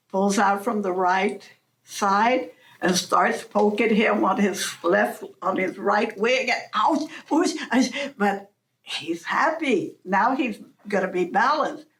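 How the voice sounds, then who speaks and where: A woman telling a folk tale as a storyteller, narrating in a slow, animated way with frequent chuckles. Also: medium pitch.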